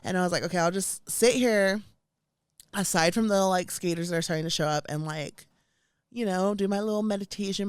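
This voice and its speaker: A young woman co-hosting a casual podcast, telling an animated story full of "like"s and laughter. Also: lowish voice, clear, resonant tone, no echo. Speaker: podcast co-host. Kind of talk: casual chat.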